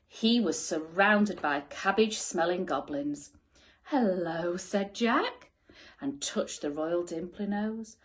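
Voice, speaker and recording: Slow, expressive woman reading a bedtime story. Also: lowish voice. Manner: expressive, dropping to soft whispers. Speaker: school teacher.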